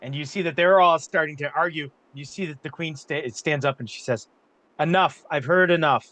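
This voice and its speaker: A man's voice: fairly high pitch, brisk, fairly bright tone, no echo, low-quality recording. A man narrating a tabletop game as game master, talking casually with lots of fillers.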